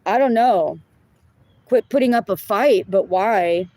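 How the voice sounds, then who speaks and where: A woman's voice: medium pitch, takes it slowly, a little mellow, dry recording. A woman giving a collective tarot reading in casual talk, blunt and often apologizing, swearing when she gets upset. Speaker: tarot reader.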